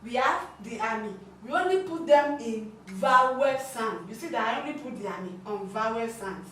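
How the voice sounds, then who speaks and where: A woman's voice: fairly high pitch, expressive, normal speed, a bit bright. A woman giving a language lesson, explaining patiently and repeating her points. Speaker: language teacher. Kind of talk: classroom lesson. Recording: echoey room, mic at a distance.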